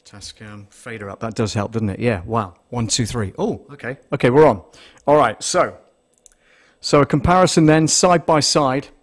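A man's voice: mid-range voice, moderate pace. A man hosting a casual live stream, thinking aloud as he sets up gear and counts numbers into a close desktop condenser mic in a small studio. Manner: rambling, thinks aloud while setting up gear. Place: small studio with a mixing desk. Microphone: desktop condenser microphone, close.

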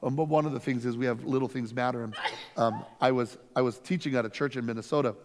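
A man, a lead pastor, teaching a conference workshop through energetic, emphatic stories. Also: mid-range voice, fast talker. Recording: long reverb from a hall.

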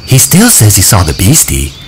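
A man's voice: fairly low pitch, wildly swooping pitch, moderate pace, slight background noise. A man voicing an anxious, earnest boy who insistently relays a frightened child's words in a storybook reading.

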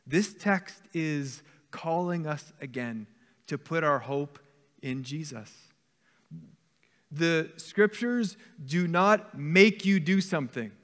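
A man's voice: on the high side, fairly bright tone. A man in his forties preaching a sermon to a church congregation in a conversational way, often checking in with "okay?". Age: 40s. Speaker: pastor. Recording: church hall with long reverb.

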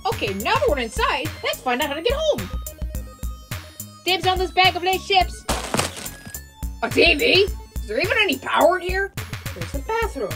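Give me an excitable woman yelping through a comic toy video, high and lively. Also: moderate pace, long pauses, music in the background. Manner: excitable, jokey, yelps a lot. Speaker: toy video creator voicing characters. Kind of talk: comedic toy-play voice acting.

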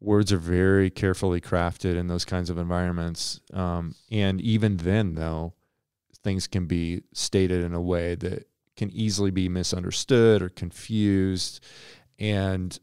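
A man's voice: deep voice, a little mellow, clear, resonant tone, no room sound, clean studio sound. A man co-hosting a church podcast in a casual, thoughtful way, with fillers and self-deprecating humor. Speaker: pastor and podcast co-host.

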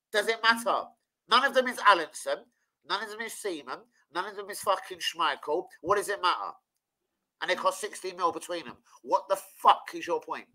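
A man hosting a football watch-along, ranting and swearing nonstop. His voice is very bright and sharp, with a pitch that leaps about wildly. He swings from loud shouting down to low muttering. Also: rough recording. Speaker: watch-along stream host. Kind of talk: heated football fan rant.

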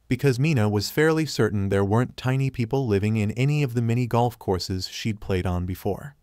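A man narrating a fanfiction story in an even storybook reading manner. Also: medium pitch, brisk, few pauses, dry recording, studio quality.

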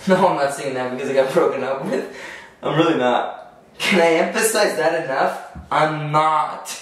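A man's voice: fairly high pitch, normal speed, a bit bright, soft background music. A young man vlogging casually in his bathroom, joking and self-conscious as he rambles. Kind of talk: casual vlog chat. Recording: echoey bathroom, faint noise.

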